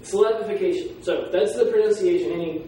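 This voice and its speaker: A man's voice: sits high, warm tone. Man lecturing in an echoey classroom. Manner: explanatory, sounds out words slowly. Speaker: Greek teacher. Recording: echoey room from far off, faint noise.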